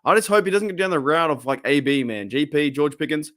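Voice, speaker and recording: A man's voice: a little high, lively intonation, quick pace, fairly bright tone, no echo, studio quality. A man with an Australian accent hosting a casual live stream, rambling and chatty, reading out chat and laughing often.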